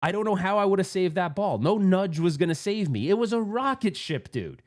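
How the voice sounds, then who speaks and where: Excitable man telling a pinball story. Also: high voice, a little fast. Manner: excitable, rambling, restarts often, rising to agitated outbursts. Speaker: pinball vlogger. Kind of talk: casual storytelling monologue.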